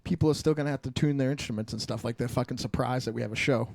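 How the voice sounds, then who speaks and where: A man's voice: mid-range voice, rapid-fire, a little mellow, no room sound. A man co-hosting a podcast in casual chat, rambling and joking, trailing off with fillers as he searches for words. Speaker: podcast co-host.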